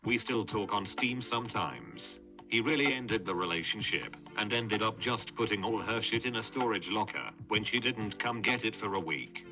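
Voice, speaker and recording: A man's synthetic voice reading forum posts aloud in a flat, even delivery. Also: fairly low pitch, normal speed. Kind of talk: text-to-speech story reading. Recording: background music under voice.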